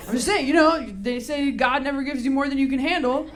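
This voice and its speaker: Woman stand-up, 30s, sarcastic and quick, live stage mic with crowd noise. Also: high voice. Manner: quick, sarcastic, laughing asides. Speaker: stand-up comedian. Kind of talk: stand-up comedy with crowd work. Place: large theater with audience. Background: audience laughter.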